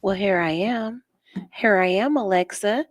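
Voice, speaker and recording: A woman's voice: medium pitch, unhurried, no room sound. A woman hosting a morning radio show, rambling loosely, cursing casually and laughing at herself, on a studio microphone.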